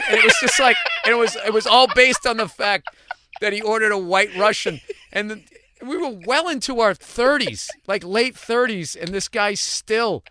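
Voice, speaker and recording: Boston guy rambling thru stories, bright punchy voice, kinda high, dry close mic. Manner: rambling, animated anecdotes with swearing and laughs. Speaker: podcast host. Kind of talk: casual storytelling chat.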